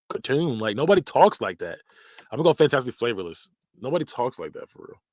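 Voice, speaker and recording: A man's voice: medium pitch, sing-song, fast, a little mellow, dry recording, clean studio sound. A man hosting a podcast, chatting casually and laughing often as he reacts, sometimes mimicking phrases in exaggerated voices. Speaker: podcast host.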